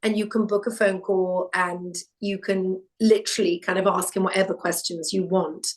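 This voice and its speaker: A middle-aged woman from England, a guest in a casual chat, telling stories with animated quoted voices. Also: medium pitch, moderate pace. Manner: animated storytelling, acts out quotes. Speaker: podcast guest, broadcaster.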